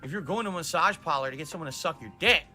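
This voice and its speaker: Brief: man streamer, bright lively voice, sarcastic and profane, game music behind. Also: a little high, rapid-fire. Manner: sarcastic, mocking, profane, reads game lines aloud in put-on voices. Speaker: streamer playing a video game. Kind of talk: casual gameplay commentary.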